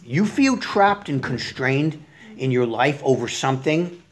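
A woman's voice: very deep voice, expressive, a little slow. A woman preaching an informal Bible teaching, rambling with many fillers and restarts.

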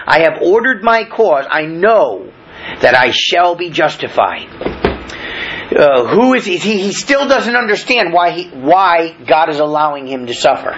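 A male preacher teaches verse by verse. He reads the scripture aloud, then explains it in plain everyday words, stopping often on fillers and restarts. His voice sits fairly high and moves a lot, and it is heard through a dull lo-fi recording. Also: fairly bright tone. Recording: dull lo-fi recording with faint noise.

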